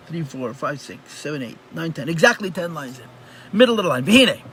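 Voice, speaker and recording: High-voiced rabbi teaching a class. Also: male voice, big pitch swings, a little fast, husky. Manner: conversational, repeats phrases for emphasis. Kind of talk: live online Chassidus lesson. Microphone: computer mic on a video call.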